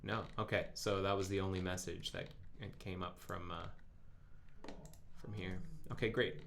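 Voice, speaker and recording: A man with a deep, gravelly voice talks his way through a coding session, musing out loud and pausing on ums. He narrates each step as he goes, and faint typing hisses in the background. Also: level tone. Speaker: host of a live coding stream. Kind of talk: live coding, thinking aloud.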